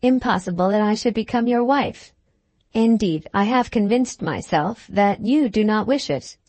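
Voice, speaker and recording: A woman reading the part of a resolute young Victorian woman in an audiobook, measured and firm. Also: mid-range voice, animated, a little mellow, no echo, lightly acted.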